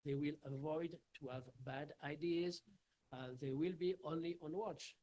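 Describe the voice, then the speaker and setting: Husky halting man lecturing. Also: on the high side, fairly even intonation, warm tone, rough recording. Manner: halting, many fillers and restarts. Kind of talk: academic Q&A answer.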